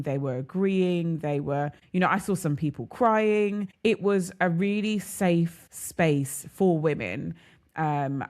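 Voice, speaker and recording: A woman's voice: low-pitched, a little mellow. A woman talks into a close studio mic, hosting her own podcast. Her delivery is chatty and personal, as if catching up with friends, and she keeps calling her listeners girl and ladies. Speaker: podcast host. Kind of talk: casual solo podcast talk.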